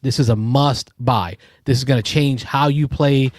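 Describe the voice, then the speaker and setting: Guy on a board game show hyping up an expansion, mid-pitched voice, dry sound. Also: fairly even intonation, moderate pace, a little mellow, no echo. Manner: enthusiastic, explains in detail with self-corrections. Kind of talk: casual review chat.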